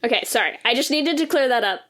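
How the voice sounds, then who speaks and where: A woman's voice: fairly high pitch, expressive, fast talker, a bit bright. A woman co-hosting a podcast, teasing her co-host playfully and laughing easily. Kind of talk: casual chat.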